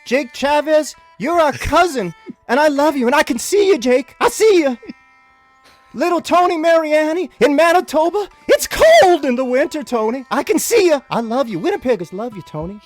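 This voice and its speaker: Male comic doing a high, doting kids'-show host with a thick Southern drawl; overly sweet, drawn out. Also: lively intonation, moderate pace, soft background music. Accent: South Carolina (put on).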